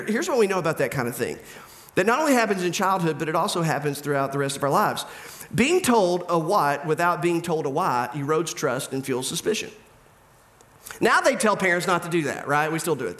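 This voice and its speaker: A man's voice: high-pitched, fairly bright tone. A middle-aged man preaching a sermon in a conversational, humorous way. He acts out back-and-forth dialogue as he talks. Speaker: pastor.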